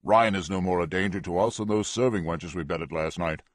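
A man's voice: sits low, brisk, no echo, studio quality, close to an everyday voice. A man narrating an audiobook, voicing a smug, languid male villain warlord with an arrogant drawl. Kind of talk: audiobook character voice.

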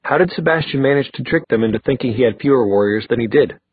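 A man with a husky voice voicing a cool, detached male vampire who speaks in a measured way. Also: medium pitch, dry recording, lightly acted. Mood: aloof. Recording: tinny phone-like dry recording.

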